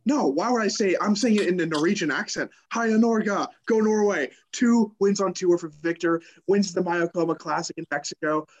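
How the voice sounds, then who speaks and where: A man co-hosting a casual sports podcast, quick and teasing in his back-and-forth. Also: sits high, muffled recording. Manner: quick, teasing, restarts lines.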